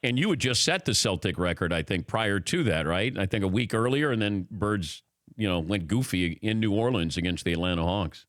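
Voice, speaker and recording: A man's voice: lowish voice, animated, fairly quick, a bit bright, no room sound, studio quality. A man hosting a talk radio interview, laughing along with his guest and reading sponsor plugs. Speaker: radio show host.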